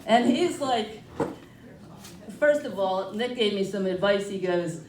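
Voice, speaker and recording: A woman's voice: mid-range voice, lively intonation, takes it slowly, a little mellow, slight background noise. A woman doing a rambling, self-mocking stand-up comedy set at a brewery comedy night. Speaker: stand-up comic. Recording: echoey room, from far off.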